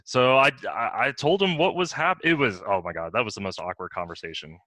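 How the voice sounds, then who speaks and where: A man hosting a casual chat, relaxed, laughing often and telling his own stories. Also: medium pitch, fairly quick, no room sound. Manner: relaxed, laughs often, short agreeing replies.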